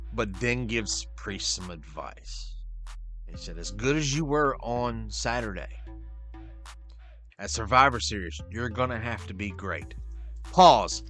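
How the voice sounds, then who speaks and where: A man hosting a podcast, recapping a wrestling show in casual, profane chat and quickly voicing the people he quotes. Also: lowish voice. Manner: profane, excitable, retells scenes in quick voices. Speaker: podcast host.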